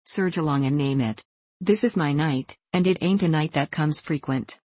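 Boisterous frontier man near thirty, read by a woman, hearty folksy calls, low voice, dry sound. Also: moderate pace, darkish tone, slightly rough, no room sound. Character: boisterous male gold-rush adventurer turning thirty.

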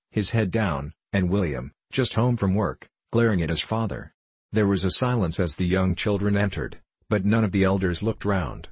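A male narrator reads a classic novel in a steady, measured way. His voice is very deep and husky, recorded close with a dry, dead sound. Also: no echo. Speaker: audiobook narrator.

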